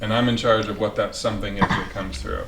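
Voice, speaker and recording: A man hosting a podcast in a relaxed conversation. He muses aloud and often restarts his thoughts partway through. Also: fairly low pitch, fast talker. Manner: reflective, musing, trails off and restarts mid-thought. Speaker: podcast host. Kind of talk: casual conversation. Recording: echoey room with faint background noise.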